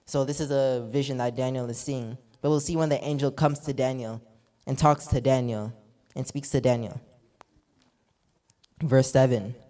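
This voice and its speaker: A man's voice: mid-range voice, steady tone, moderate pace, long pauses, dark tone. A man preaching a sermon, reading scripture aloud and retelling it with repeated rhetorical asides.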